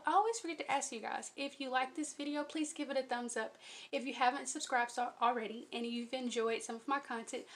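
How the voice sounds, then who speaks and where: A woman's voice: a little high, a little hiss or hum. Rambling earnest woman crochet vlogger. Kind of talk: casual chat to viewers.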